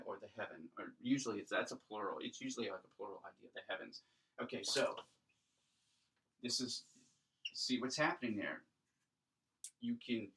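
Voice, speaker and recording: A man teaching Greek, speaking in a mid-pitched voice and explaining step by step as he writes, often pausing with a quick "okay?" to check in. He is picked up from a little way off the mic, so the voice sounds slightly distant. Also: a bit bright. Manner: explanatory, thinks aloud while writing, asks rhetorical checks. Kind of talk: recorded classroom lecture at a whiteboard.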